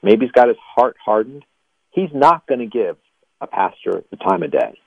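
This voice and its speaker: A man, a former pastor, being interviewed on the radio and telling animated stories, laughing between lines. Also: medium pitch, normal speed, creaky, no echo. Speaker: ministry guest, former pastor. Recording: dry tinny phone line.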